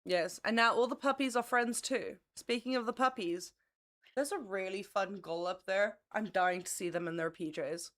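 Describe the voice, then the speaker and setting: A woman's voice: mid-range voice, normal speed, fairly bright tone. A woman chatting casually on a livestream, rambling, laughing often and swearing freely. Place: home, at a desk.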